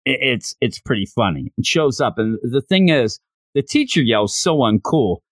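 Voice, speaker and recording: A man giving an enthusiastic, rambling recap of an animated series. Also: mid-range voice, normal speed, no room sound. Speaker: show reviewer. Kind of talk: casual recap.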